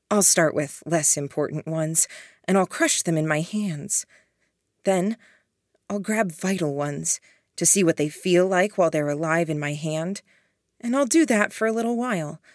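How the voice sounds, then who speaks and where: An unsettling young woman speaks softly and gently while she threatens, as a woman reads her. The voice sits low and moves slowly. The sound is close and dry. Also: no echo, close to an everyday voice. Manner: soft, eerily gentle threats.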